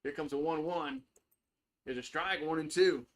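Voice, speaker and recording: A man's voice: on the high side, moderate pace. A man giving casual play-by-play on a live stream, loose and chatty, swearing freely. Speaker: live stream sports host.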